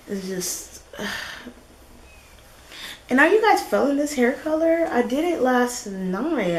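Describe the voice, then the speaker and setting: A woman's voice: mid-range voice, a little hiss or hum, rough recording. A woman vlogging in a casual, chatty way, talking straight to her viewers. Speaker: lifestyle vlogger. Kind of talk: casual vlog chat to camera.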